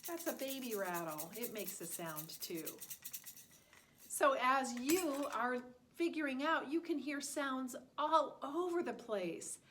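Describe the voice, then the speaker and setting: A woman's voice: high voice, animated, slow pace, a bit bright, a little hiss or hum. A woman teaching a listening lesson to preschool children, talking in an exaggerated, sing-song way.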